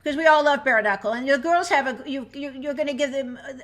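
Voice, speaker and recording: A woman's voice: high voice, fast talker, a bit bright. A woman host interviewing a guest in a bubbly, enthusiastic way. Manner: bubbly, enthusiastic, laughs often. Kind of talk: upbeat interview.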